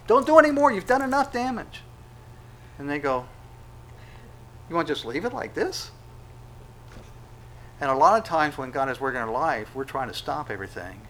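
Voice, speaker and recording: Male pastor, conversational sermon delivery, bursts of loud acted-out dialogue, crisp bright tone. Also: medium pitch, a little hiss or hum, rough recording. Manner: conversational preaching with sudden loud acted-out quotes.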